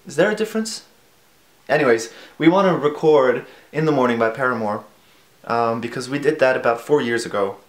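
Rambling young man in an echoey room. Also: medium pitch. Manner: rambling, self-deprecating, trails off with fillers. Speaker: vlogger. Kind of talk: casual rambling vlog. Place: alone in his room at home.

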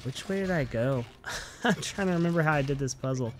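A man's voice: on the high side, lively intonation, a little fast. A man hosting a gaming channel, giving upbeat, chatty let's-play commentary and talking playfully to his viewers.

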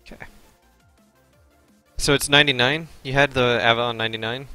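Bright-voiced teasing young man. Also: mid-range voice, fairly even intonation, a little fast, smooth, dry recording, faint music behind. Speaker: friend on voice call. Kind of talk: casual chat on voice call.

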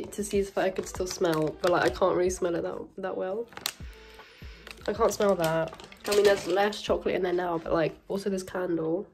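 Stuffy-nosed young woman, slow chat. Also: medium pitch, darkish tone. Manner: chatty, laughs often, many "like" fillers. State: blocked nose, recovering from illness. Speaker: vlogger. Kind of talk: casual vlog diary. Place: at home in a student house.

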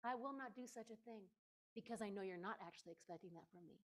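A woman's voice: medium pitch, quick pace. A woman preaching a conversational sermon in a church, playful and emphatic, often stopping to speak directly to her listeners.

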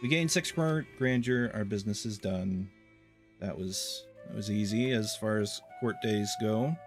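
A man's voice: fairly low pitch, measured pace, faint music behind. A man hosting a strategy game let's play, making wry, rambling commentary full of fillers and asides. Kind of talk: casual gameplay commentary.

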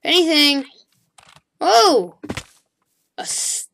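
A woman giving casual, excitable commentary while playing a game, chattering at the creatures on screen and calling out to them. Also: high-pitched, slow, creaky. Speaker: gaming channel host.

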